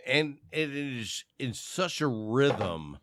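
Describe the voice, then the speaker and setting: A man's voice: medium pitch, sing-song, slow, a bit bright, no room sound, studio quality. A man in his fifties hosting a podcast, joking and teasing in casual chat. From Texas. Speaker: podcast host.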